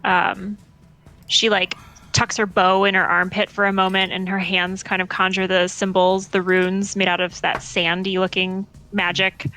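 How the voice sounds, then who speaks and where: A woman's voice: mid-range voice, monotone, a little slow, pushed and bright, faint music behind, poor audio. A woman player thoughtfully describing her character's turn, with frequent ums.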